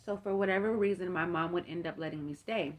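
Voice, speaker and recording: A woman's voice: lowish voice, fast talker. A young woman in a casual mukbang storytime, chatty and full of fillers, acting out the people she quotes. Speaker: mukbang vlogger. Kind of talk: casual storytime while eating.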